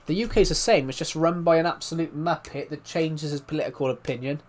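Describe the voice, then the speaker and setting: A British man chatting on a live stream, his voice thick and a little worn from being under the weather. He talks calmly and evenly, often restarting his sentences, in a fairly high voice for a man. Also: quick pace. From United Kingdom. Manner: calm, even talking with frequent restarts. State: slightly ill, thick voice. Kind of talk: casual live stream chat.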